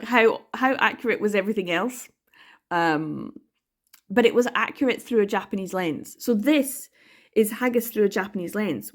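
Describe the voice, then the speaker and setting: Scottish woman, casual vlogger, animated and laughing, mid-pitched, swears for emphasis. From Scotland. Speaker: manga reading vlogger. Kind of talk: casual reading vlog chat.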